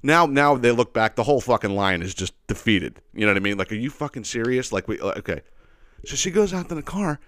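Male podcast host, rant storytelling, very lively pitch, dead-dry mic. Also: fast, dry recording. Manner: profane, animated, repeats "you know what I mean". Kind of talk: ranting storytelling.

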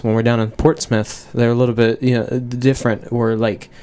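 A young man from the United States, an actor, talking in a casual radio interview, measured and a little hesitant. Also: medium pitch, little pitch movement, a little mellow, clear, resonant tone. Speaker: actor guest on radio show.

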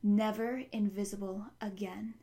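A huge, relentless tree-like monster, voiced by a woman in an audiobook, grim and insistent. Its words come low and heavy. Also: little pitch movement, measured pace, warm tone, lightly acted.

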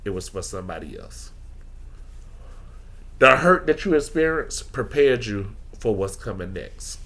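A man's voice: on the low side, big pitch swings, measured pace, a bit bright. A man hosting a podcast, talking earnestly and openly about his feelings in a preacher-like personal monologue. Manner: earnest, preacher-like, emotionally open. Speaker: podcast host.

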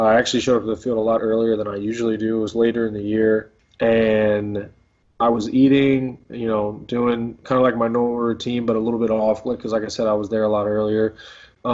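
A man in his twenties, a pro baseball player, telling a story casually in an interview with lots of fillers and restarts. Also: on the low side. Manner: rambling, filler-heavy, laid-back. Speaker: professional baseball player guest. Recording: dull lo-fi audio.

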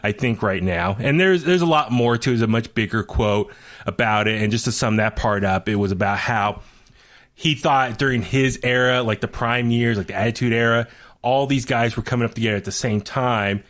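A man's voice: medium pitch, normal speed, fairly bright tone. A man hosting a casual wrestling talk podcast, rambling with many fillers and restarts and laughing often. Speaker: podcast host. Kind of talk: casual chat.

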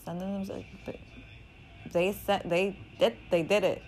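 A woman casually telling a story in an animated, profane, slangy way, often laughing. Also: medium pitch, unhurried, rough recording. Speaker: storyteller recounting a game.

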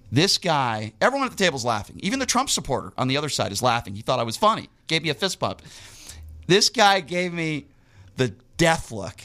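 A man tells a story in an animated, indignant way, and his voice leaps up when he gets worked up. His pitch sits in the middle range for a man. It comes across as casual talk-show chat. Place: Las Vegas local.

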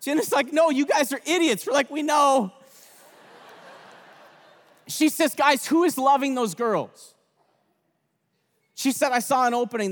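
A man in his thirties preaching at a conference, telling stories with animated, shouted bursts in a large hall. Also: very high-pitched, unhurried, long pauses. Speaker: pastor. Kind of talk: energetic conference sermon. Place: large hall with long reverb. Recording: reverberant hall, from a distance.

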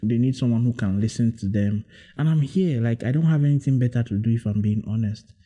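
A man hosts his own podcast, thinking aloud in a loose, rambling way. His voice is very dark and mellow, sitting at an ordinary middle pitch. He keeps circling back with "you know" as he muses. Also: a little fast. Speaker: podcast host. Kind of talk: casual solo podcast monologue.

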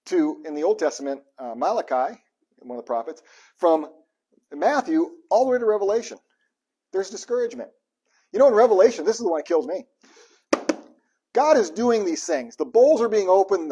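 A male pastor delivers a sermon with a slightly raised pitch and a husky edge to his voice. He retells the stories in an animated, conversational manner, acting out quoted lines and throwing in joking asides to the congregation.

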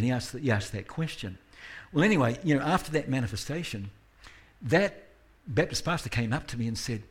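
A man preaching a sermon in a church service with a husky, slightly breathy voice. He keeps a conversational tone, tosses in self-deprecating asides, and lifts his voice to stress a point. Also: medium pitch, expressive, a little fast. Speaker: guest preacher.

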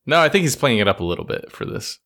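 A man's voice: mid-range voice, big pitch swings, fast talker, fairly bright tone. A man co-hosting a casual podcast, enthusiastic and swearing casually. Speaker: podcast co-host. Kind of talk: casual chat.

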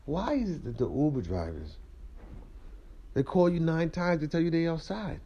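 A man's voice: normal speed, husky, dull audio. A man, rambling and ranting with profanity as he walks around his house. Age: 30s. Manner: animated, ranting, profane, swings between high squeals and low mumbles. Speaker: vlogger. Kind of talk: rambling comedic monologue.

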